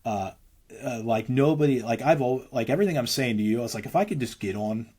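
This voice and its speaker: A man's voice: medium pitch, animated, quick pace, darkish tone, husky. A man in his thirties, a musician as an interview guest, telling his story candidly with many restarts and fillers.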